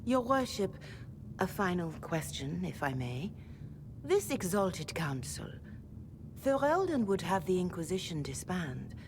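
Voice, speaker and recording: A formal old woman cleric, low voice, lively intonation, rumbling noise. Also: a little slow. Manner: formal, courteous address. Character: devout older woman cleric, formal and gentle.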